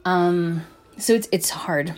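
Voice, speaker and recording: A woman's voice: fairly low pitch, steady tone, takes it slowly, darkish tone. A young woman vlogger telling a story to her viewers in a casual, rambling way, swearing often and filling gaps with "like" and "um". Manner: rambling, profane, lots of "like" and "um".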